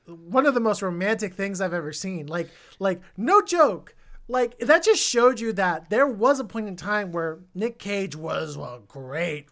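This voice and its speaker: A man talking casually through a film review, often stumbling over his words and restarting. Every so often he jumps into a louder, more animated stretch before settling back down. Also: a little high. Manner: rambling, many restarts, animated bursts. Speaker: podcast co-host.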